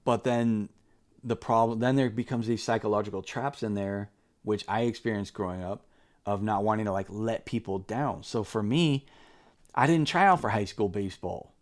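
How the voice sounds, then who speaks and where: A man's voice: fairly low pitch, moderate pace. A man giving a casual, candid book review, rambling with lots of fillers and restarts and turning earnest when he urges viewers. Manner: earnest and emphatic when urging.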